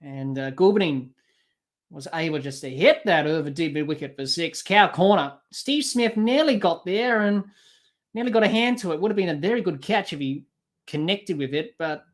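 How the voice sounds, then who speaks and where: A man's voice: a little high, expressive, moderate pace. A man hosting a live cricket watch-along podcast, calling the play and scolding the team in frustration. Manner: exasperated, scolding players and selectors directly. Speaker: podcast host doing live cricket commentary.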